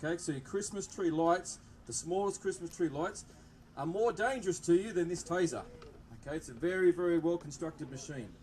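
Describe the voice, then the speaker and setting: This Australian police presenter addresses a live crowd at an outdoor open day, his voice on the high side and his pace fairly quick. Speaking through loudspeakers, he runs a demonstration in a jokey, upbeat way, bantering with the kids watching.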